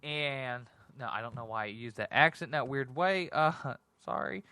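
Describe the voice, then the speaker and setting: A man's voice: medium pitch, moderate pace, clear, resonant tone, no room sound. Giggly rambling man hosting a show. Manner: rambling, giggly, self-deprecating; excitable and animated. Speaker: podcast host. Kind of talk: casual solo talk show monologue.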